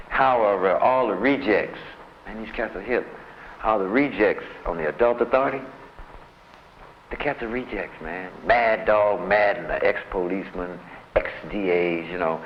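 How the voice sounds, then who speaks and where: Man, very low voice, rambling street slang, muffled old tape, faint hiss. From United States. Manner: loose and rambling, full of "man" and "you know". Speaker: interviewee recounting time in solitary. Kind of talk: casual storytelling in street slang. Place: prison visiting room.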